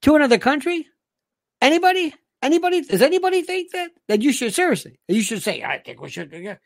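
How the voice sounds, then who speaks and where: Woman ranting on a livestream, fired up, reading chat out loud. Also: high-pitched, fast. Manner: animated, ranting, reads chat aloud. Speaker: livestream host. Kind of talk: casual livestream monologue.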